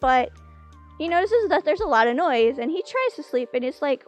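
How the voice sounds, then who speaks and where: A woman's voice: high voice, animated, a little fast, faint music behind. A woman casually telling a long joke, rambling with many fillers and restarts. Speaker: vlogger.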